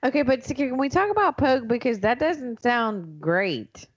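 A woman's voice: on the high side, animated, moderate pace, husky. Southern woman joking, dull lo-fi sound. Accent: Southern American. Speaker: podcast co-host. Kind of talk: casual chat. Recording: dull lo-fi audio.

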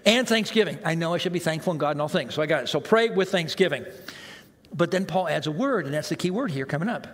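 A man preaching a sermon as pastor, animated and self-mocking, acting out the reactions he quotes. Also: a little high, fast. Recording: long hall reverb.

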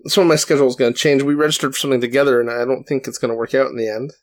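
A man co-hosting a relaxed hobby chat, rambling and self-deprecating, with lots of restarts. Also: medium pitch, rapid-fire. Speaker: podcast co-host. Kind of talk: casual chat.

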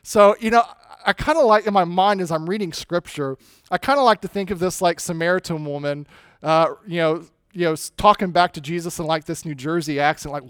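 A man preaching a sermon in a smooth, resonant voice that sits somewhat high for a man. He swings from loud, pressing emphasis down to low, slowed words. The sound is close and dry, with no room around it. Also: no echo. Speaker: pastor.

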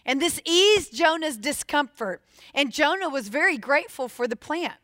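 A woman preaching a sermon, expressive and putting questions straight to her listeners. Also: high-pitched, normal speed, no room sound, clean studio sound.

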